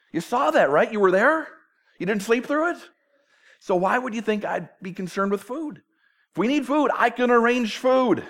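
A man preaching a sermon in a conversational way, acting out dialogue with self-deprecating humor. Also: high-pitched. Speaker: pastor.

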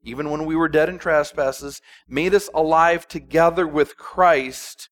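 Animated preacher, man with higher voice. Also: a little slow. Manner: animated, emphatic preaching with rhetorical questions. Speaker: pastor. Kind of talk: sermon.

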